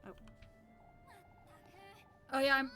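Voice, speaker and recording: A woman's voice: slow pace, pushed and bright, soft background music. A woman streaming a game, chatting casually with a loose, profane, self-mocking manner. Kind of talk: casual live-stream chat.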